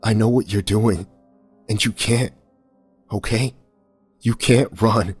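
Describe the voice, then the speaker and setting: A man's voice: fairly low pitch, steady tone, slow pace, husky, soft background music, pitched above the performer's own voice. A man voicing a frantic young man held captive, talking harshly and close to sobbing. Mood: desperate. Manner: sharp, harsh, near sobbing. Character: frantic young male captive, bitter and raw.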